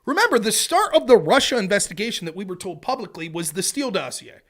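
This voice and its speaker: Male stream host, high voice with big swings, profane and conversational, frequent "right?". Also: quick pace. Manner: animated and profane, keeps asking "right?". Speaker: live-stream political commentator. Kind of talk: casual ranting commentary. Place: home streaming setup.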